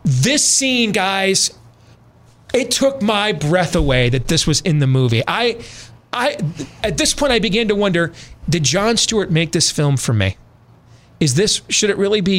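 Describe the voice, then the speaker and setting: A male radio host speaks in a slightly higher voice and gives emphatic opinion commentary. He talks straight to his audience and stresses his points hard. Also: big pitch swings, moderate pace. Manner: emphatic, addresses listeners directly. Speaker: radio talk show host.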